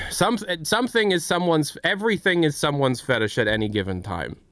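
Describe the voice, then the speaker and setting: A man's voice: a little high, moderate pace, dry recording. A man chatting casually on a livestream, joking with his chat and trying out impressions. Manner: joking, does impressions, lively. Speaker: streamer.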